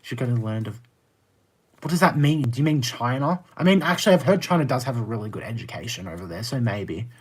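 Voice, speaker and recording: A man's voice: animated, fast, breathy edge. A young Australian man in his twenties, chatting casually on a livestream and answering viewer comments in a blunt, exasperated way. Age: 20s. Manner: blunt and exasperated, jumps to high indignant pitch when ranting.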